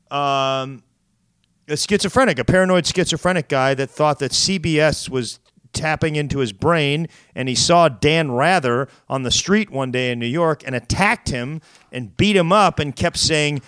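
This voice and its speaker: A man's voice: on the high side, moderate pace, a bit bright, clean tone, no room sound, clean studio sound. A man co-hosting a podcast in casual chat, rambling and teasing. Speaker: podcast co-host.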